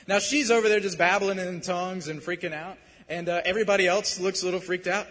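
A man preaching, telling a story in a casual, animated and self-deprecating way. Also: high voice, fast, few pauses, long reverb tail. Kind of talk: sermon storytelling.

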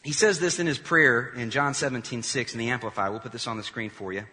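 A male pastor preaching a sermon in an animated, emphatic way, with quick asides to the congregation. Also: mid-range voice, long reverb tail.

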